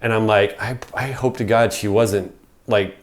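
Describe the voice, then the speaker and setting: A man's voice: on the low side, fairly even intonation, moderate pace. A middle-aged man, a podcast guest, telling a casual story in a rambling way, full of "like" and swearing.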